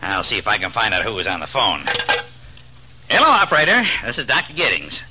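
A nervous, eager bridegroom. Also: male voice, on the low side, huge pitch swings, a little fast, noisy background. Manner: jittery and eager. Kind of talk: old-time radio drama acting.

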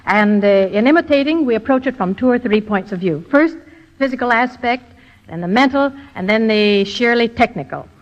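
High-voiced woman coaching dialects on old radio. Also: animated, moderate pace. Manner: precise, instructive, demonstrates a thick brogue. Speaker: dramatic coach and radio actress. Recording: old radio broadcast with long reverb, dull lo-fi sound.

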